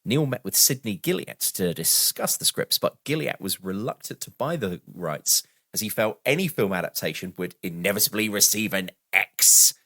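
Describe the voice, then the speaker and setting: A man co-hosting a podcast, reading background notes aloud in a casual, animated way and laughing now and then. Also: on the low side, normal speed, few pauses. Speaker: podcast co-host.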